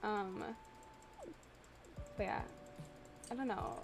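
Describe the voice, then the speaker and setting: A woman's voice: mid-range voice, drawn-out words, a little hiss or hum. A young woman from the US Midwest chatting casually and giggling with viewers on a live stream. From Illinois, US Midwest.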